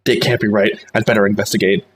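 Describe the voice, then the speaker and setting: A man's voice: on the low side, flat delivery, fast talker, a little hiss or hum, rough recording. Giggly young man reading a game aloud. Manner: giggly, swears casually while reading. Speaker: streamer.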